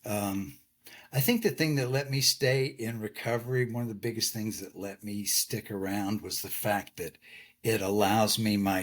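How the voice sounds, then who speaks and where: A man's voice: fairly low pitch, fairly bright tone, breathy edge. A man in his sixties, a podcast guest, talking candidly and reflectively in casual conversation, with a loose storytelling way of speaking.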